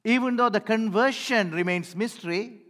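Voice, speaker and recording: A man preaching a sermon to his church, with dramatic pauses and phrases that fall away at the end. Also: sits high. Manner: animated preaching with dramatic pauses and falling endings. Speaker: pastor. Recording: long hall reverb.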